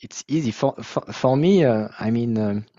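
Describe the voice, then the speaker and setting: A man from France with a French accent, explaining his software in a casual video call, halting and searching for English words. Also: medium pitch, no echo, dull audio. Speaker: software founder presenting his tool.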